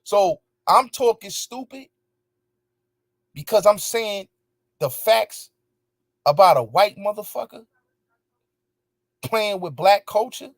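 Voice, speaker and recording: A man's voice: high-pitched, animated, takes it slowly, long pauses, no echo, clean studio sound. A man hosting his show, angrily ranting back at viewers in heavy profanity, repeating his points with emphasis. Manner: angry, profane, repetitive, emphatic. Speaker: show host. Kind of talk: heated commentary rant answering viewers.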